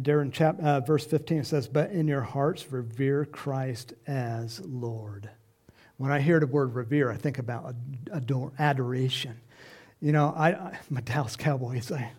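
A middle-aged man preaching an informal sermon, animated and chatty, acting out voices and chuckling as he speaks to the congregation. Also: on the high side, vocal fry. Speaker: pastor.

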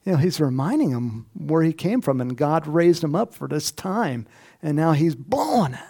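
A man's voice: fairly high pitch, very animated, moderate pace, dark tone. A pastor preaching a sermon in a casual, storytelling way, often talking directly to his congregation. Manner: storytelling, acts out Bible characters in voices; conversational with asides to the congregation.

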